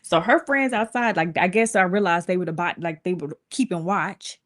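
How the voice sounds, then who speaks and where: A woman in her thirties telling a personal story to her viewers in casual, colloquial talk, with her pitch jumping up when she acts out quotes. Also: moderate pace. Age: 30s. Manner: lively, colloquial, swings into high acted voices for quotes.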